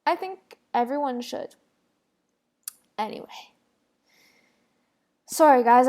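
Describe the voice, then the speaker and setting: A woman with a high voice hosts a solo podcast, talking in a casual rant. She rambles and stresses her points, filling her sentences with "like" and "literally.". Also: unhurried, pauses often, darkish tone. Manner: rambling, emphatic, heavy use of "like" and "literally". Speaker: podcast host.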